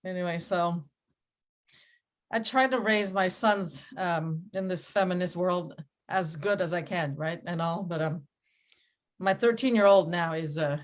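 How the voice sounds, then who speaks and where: A woman's voice: fairly low pitch, measured pace. A middle-aged woman doing a stand-up set on a club stage, rambling and breaking off into giggles. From Cambodian family. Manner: rambling, self-interrupting with giggles. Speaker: stand-up comedian. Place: comedy club stage with audience.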